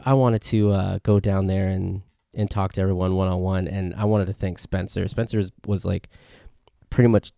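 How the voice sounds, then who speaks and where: Through a podcast mic with clean studio sound and no room sound, a man with a fairly low, dark-toned voice hosts his own casual show. His storytelling rambles, and he keeps correcting himself as he goes.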